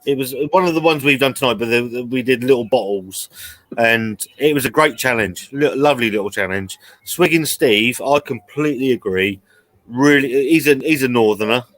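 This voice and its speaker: A man's voice: medium pitch, moderate pace, fairly bright tone. A man hosting a casual live stream, bantering in a laid-back way and swearing. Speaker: host.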